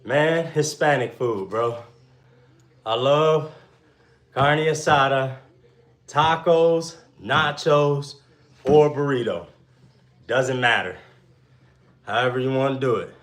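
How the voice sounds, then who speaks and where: Slow, laid-back young man streaming. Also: medium pitch, a bit bright. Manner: reads viewer messages aloud and answers them offhandedly; slangy, laid-back banter. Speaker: live streamer. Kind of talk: casual live-stream chat.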